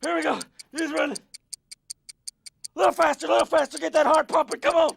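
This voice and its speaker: A man playing a loud, peppy football coach who leads kids through a short workout with shouty, hyped-up cheering. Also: extremely high pitch, moderate pace, creaky, exaggerated voice. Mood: pumped up. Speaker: fitness coach. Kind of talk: scripted kids' fitness skit.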